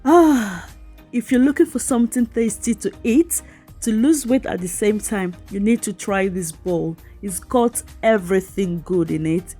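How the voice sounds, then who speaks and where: A woman's voice: medium pitch, warm tone. Playful, giggly woman vlogger. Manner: chatty, talks to viewers. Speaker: cooking vlogger. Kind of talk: voice-over cooking demo.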